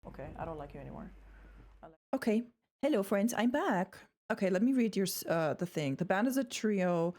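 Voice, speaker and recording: A young woman streamer chatting casually and excitedly while she plays a game, swearing freely. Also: medium pitch, fairly quick. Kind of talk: casual live-stream chat while gaming.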